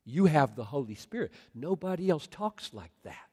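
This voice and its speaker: A male pastor preaching a sermon in a large room, swinging from loud emphatic lines to soft, near-whispered ones. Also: mid-range voice, big pitch swings, normal speed, hardly any pauses, husky. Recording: long hall reverb.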